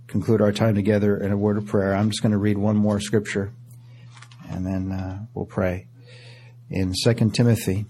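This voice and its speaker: A man's voice: fairly low pitch, mellow, a little hiss or hum. A man preaching a sermon in an auditorium, reading scripture aloud with rising emphasis and calling his listeners beloved.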